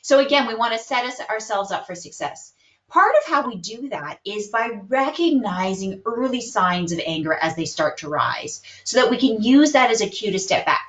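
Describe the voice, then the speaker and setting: Calm explaining woman in a roomy room. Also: a little high, normal speed. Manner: calm, explanatory, many hedging "kind of"s. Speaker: psychologist guest. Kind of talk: webinar Q&A explanation. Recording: roomy, dull lo-fi webinar audio.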